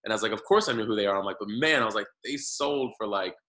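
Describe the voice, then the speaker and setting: A man in his thirties sits as a guest on a podcast and tells his story. He talks in a loose, rambling way, with lots of fillers and restarts. His voice sits a little low but sounds bright and forward. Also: fast, rough recording. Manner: rambling, many fillers and restarts, animated retelling. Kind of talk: casual storytelling interview.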